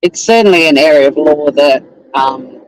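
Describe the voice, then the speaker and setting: A man's voice: on the high side, normal speed, rough recording. Chatty Australian man driving to work. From Tasmania, Australia. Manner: chatty and rambling, with frequent fillers and restarts. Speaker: YouTuber reacting live while driving to work. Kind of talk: casual live-stream chat. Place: in a car on the drive to work. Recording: faint car road noise.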